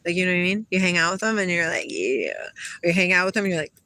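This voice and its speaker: A woman's voice: lowish voice, fairly even intonation, very fast, sharp tone. A middle-aged woman vlogging a rambling spiritual monologue, laughing often and talking to her parrot.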